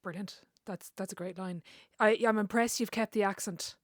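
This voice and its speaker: A woman's voice: mid-range voice, fairly even intonation, moderate pace, no echo, studio quality. A woman hosting a podcast interview, asking questions in a friendly, chatty way. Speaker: podcast host.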